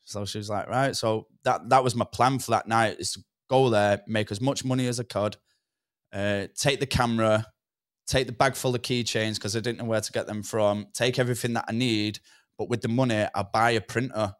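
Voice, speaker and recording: A man's voice: fairly low pitch, steady tone, a little fast, no echo, clean studio sound. A young man telling a rambling story from his past, with swearing and lots of "do you know what I mean". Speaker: podcast guest. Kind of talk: casual storytelling.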